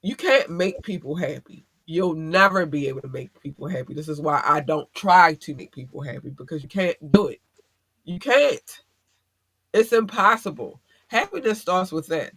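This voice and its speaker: A man's voice: fairly high pitch, moderate pace, fairly bright tone, no echo. A man hosting a podcast, giving blunt, profane advice in a casual monologue. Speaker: podcast host.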